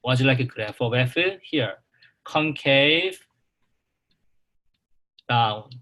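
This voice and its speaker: Male calculus instructor, unhurried and halting, mid-pitched, checks in with students often. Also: pushed and bright. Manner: slow, repetitive, halting, asks the class questions. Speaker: math instructor. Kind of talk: classroom calculus lecture.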